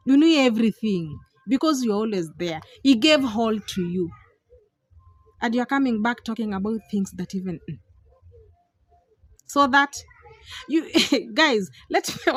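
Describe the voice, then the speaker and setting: A young woman vlogging outdoors in a village, giving lively commentary, laughing often and repeating herself. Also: on the high side, moderate pace, breathy edge, no echo, clean studio sound. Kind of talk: casual vlog commentary.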